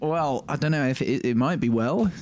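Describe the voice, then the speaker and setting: A man's voice: mid-range voice, normal speed, a little mellow, slight background noise. A man hosting a casual comedy podcast, rambling and laughing as he tries to keep the talk on track. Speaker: podcast host.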